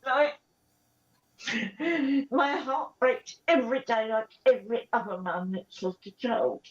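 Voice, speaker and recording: A woman on a live panel, upset and tearful, talking haltingly with many ums and restarts. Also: on the high side, lively intonation, dull audio. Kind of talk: emotional casual chat.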